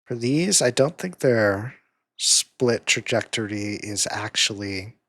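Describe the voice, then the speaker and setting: A man hosting a let's play, casually thinking aloud about builds, with occasional bursts of excitement. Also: on the low side, takes it slowly, no echo, clean studio sound. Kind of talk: casual gameplay commentary. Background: loud game music and artillery fire.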